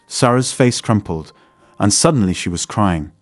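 A man narrating a scripted first-person story in a steady, even read. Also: fairly low pitch, moderate pace, no echo, faint music behind.

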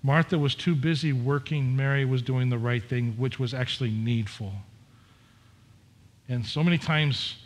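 A man's voice: medium pitch, fairly even intonation, moderate pace. A middle-aged man preaching a sermon as pastor, candid and conversational, with frequent restarts and repetitions.

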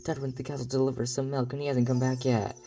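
A man's voice: medium pitch, level tone, rapid-fire, dark tone, lightly acted. A man voicing a cheerful young ranch girl while he reads her game dialogue aloud. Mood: friendly.

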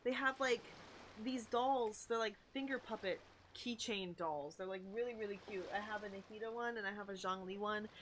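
A young woman gaming streamer chats casually while playing, gushing with lots of "like" and "oh my god." Her mid-range voice has a fairly bright tone and moderate pace, with a little hiss or hum in the audio.

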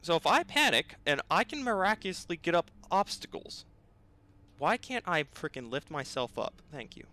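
A man's voice: fairly high pitch, very animated, normal speed, bright, forceful tone. A young man commentating his own gameplay, exasperated and bickering aloud with the game and himself. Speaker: gaming video host.

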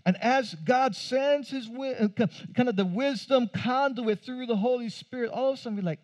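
High-voiced man preaching a sermon. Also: normal speed, hardly any pauses, darkish tone, lo-fi sound. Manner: conversational preaching with rhetorical questions and humor. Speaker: pastor. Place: church.

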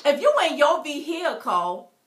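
Animated, profane woman host in echoey room. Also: sits high, a little slow. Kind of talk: casual commentary.

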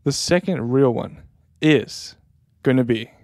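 A man's voice: medium pitch, slow, a little mellow, dry recording. A young man co-hosting a podcast, talking in a laid-back, rambling, teasing way. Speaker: podcast co-host. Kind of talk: casual chat.

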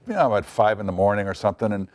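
A man's voice: fairly low pitch, expressive, racing, a little mellow, dry recording, clean studio sound. A middle-aged man telling a wry story from his past in an interview, acting out the quotes. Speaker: TV writer recalling a story. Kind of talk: interview anecdote.

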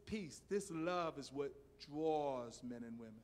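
Pastor guy preaching, tells stories, gets loud and punchy, voice jumps all over the place. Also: mid-range voice, lively intonation, slow, few pauses. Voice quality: emphatic, storytelling, bursts into shouts. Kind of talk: sermon. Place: church service.

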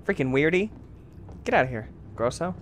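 A man's voice: on the high side, big pitch swings, moderate pace. A man giving goofy, mildly crude commentary while playing a video game. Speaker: gamer. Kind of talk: gameplay commentary. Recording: noisy, with game sound behind.

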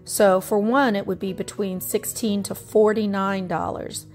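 A woman's voice: mid-range voice, fairly even intonation, unhurried, a little mellow, soft background music. A middle-aged woman vlogger chatting about her thrift finds in a nostalgic, friendly way, laughing often. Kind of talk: casual show-and-tell narration.

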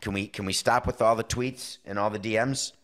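A man's voice: on the low side, steady tone, fairly bright tone. A middle-aged man hosting a sports podcast, talking casually and opinionatedly and acting out little bits of dialogue. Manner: opinionated, acts out dialogue in quick asides. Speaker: podcast host. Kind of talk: casual sports talk monologue.

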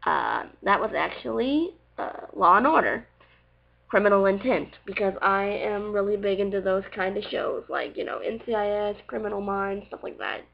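A woman's voice: medium pitch, lively intonation, moderate pace, gravelly, lo-fi sound. A young woman with a light Southern US accent, chatting casually through viewer questions in a rambling way, full of fillers. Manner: chatty, rambling, heavy on fillers like "like" and "you know". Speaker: vlogger answering viewer questions. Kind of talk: casual Q&A vlog.

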